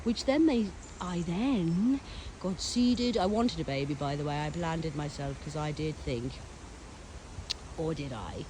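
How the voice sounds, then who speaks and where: A woman's voice: low voice, measured pace, noisy background. A woman from England telling her own life story in a casual monologue, theatrical and sardonic, swearing, acting out voices and mocking herself. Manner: theatrical, swears, acts out voices, breaks into song; sardonic, self-mocking asides.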